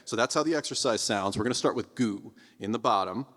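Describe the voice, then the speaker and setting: Male vocal coach, lowish voice, upbeat and instructive, long reverb, faint piano. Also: fast talker, few pauses. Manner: encouraging, demonstrates sung syllables with piano. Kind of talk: singing lesson with vocal exercises.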